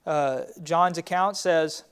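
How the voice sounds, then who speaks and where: Man, Bible class teacher, conversational retelling, fairly high pitch. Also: takes it slowly, clean tone. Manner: retells scripture with acted quotes, conversational.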